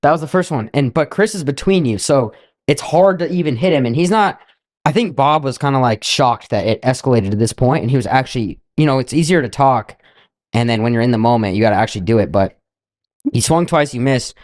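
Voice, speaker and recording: A man's voice: medium pitch, animated, brisk, a little mellow, no echo. A young man co-hosting a podcast, spinning a casual story in a loose, profane way and quoting what people said. His voice sits in a middle register and comes across dry and close, with no room around it. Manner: loose and profane, retelling with quoted asides. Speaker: podcast co-host.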